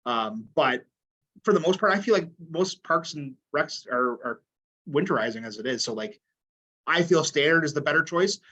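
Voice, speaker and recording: A man's voice: a little high, lively intonation, normal speed, sharp tone, highs cut off. A man from Canada answering a question on a webinar, casual and often saying "like". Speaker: panelist.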